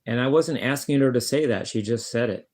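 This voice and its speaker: A man's voice: mid-range voice, brisk, darkish tone. A man talking casually to the camera in a blunt, rambling monologue, often swearing and stumbling over his words as he restarts sentences. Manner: blunt, swears, many restarts and stammered repeats. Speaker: vlogger, guitarist.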